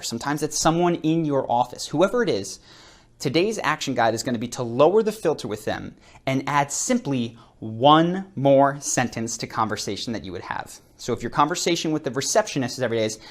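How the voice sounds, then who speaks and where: A man's voice: medium pitch, animated, fairly quick. A man, probably in his thirties, teaching a recorded online lesson, speaking directly and encouragingly to the viewer. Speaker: charisma course instructor.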